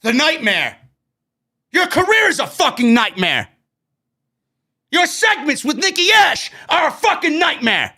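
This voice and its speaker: A man with a New York accent tears into a wrestling show in a loud, profane rant. His voice sits high and bright, and it swings widely in pitch as he yells and then drops low. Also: very animated, unhurried, long pauses. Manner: loud profane ranting, frequent shouting. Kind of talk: ranting show review.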